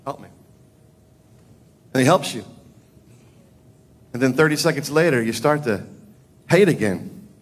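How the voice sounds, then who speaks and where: Here a pastor gives an animated sermon at normal speed, leaving long pauses as his voice climbs and drops widely in pitch and loudness to drive his points home.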